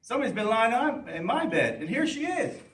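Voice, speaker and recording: A man voicing a tiny young male bear cub with a small, sharp, shrill voice. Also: sing-song, a little fast, soft background music, heavily acted. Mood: upset. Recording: roomy echo, mic at a distance.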